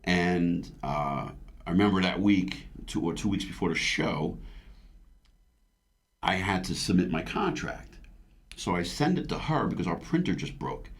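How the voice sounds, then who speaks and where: A man's voice: low-pitched, animated, measured pace. A man in his fifties, a veteran bodybuilder, telling his story earnestly in an interview, with frequent restarts and stammers. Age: 50s. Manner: retells his own past words aloud.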